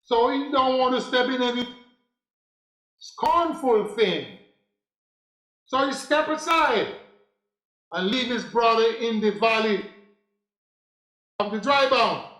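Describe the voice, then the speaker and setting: A man giving a slow, preachy spiritual monologue, repeating phrases for emphasis. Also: extremely high pitch, expressive, pushed and bright, reverberant, poor audio. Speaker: spiritual teacher.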